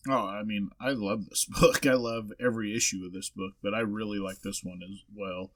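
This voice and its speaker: A man co-hosting a podcast, talking in a relaxed, reflective way and drawing on his own life. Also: fairly low pitch, moderate pace, no echo. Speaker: podcast co-host. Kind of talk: casual chat.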